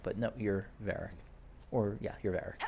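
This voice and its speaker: A man playing a video game and casually thinking out loud, now and then reading in-game notes aloud. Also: lowish voice, steady tone, normal speed, vocal fry, a little hiss or hum. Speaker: game streamer. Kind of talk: casual let's-play commentary.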